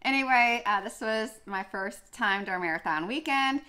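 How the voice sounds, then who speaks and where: Young woman vlogger, chatty and gushing, bright forward tone. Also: fairly high pitch, expressive, normal speed. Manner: chatty, gushing, many fillers and restarts. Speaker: running vlogger. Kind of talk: casual chat.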